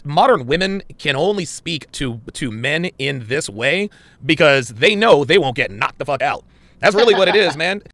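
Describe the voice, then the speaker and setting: A man's voice: on the high side, animated, normal speed, a bit bright, no room sound. A man talking bluntly and emphatically in casual podcast banter, often repeating himself.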